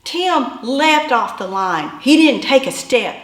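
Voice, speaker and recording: A woman in her fifties telling a humorous personal story in an animated, self-deprecating way. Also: medium pitch, unhurried. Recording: echoey room.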